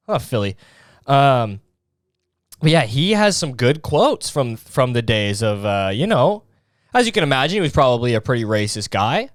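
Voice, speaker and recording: A man's voice: mid-range voice, very animated, moderate pace, no echo, clean studio sound. A young man hosting a comedy podcast, rambling and swearing with lots of filler words. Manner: rambling, profane, full of fillers. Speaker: podcast host.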